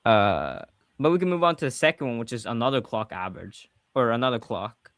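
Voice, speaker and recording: A man's voice: medium pitch, animated, brisk, fairly bright tone, no room sound. A man with a Swedish accent hosting a casual livestream chat, talking freely and often correcting himself mid-sentence. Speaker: podcast host.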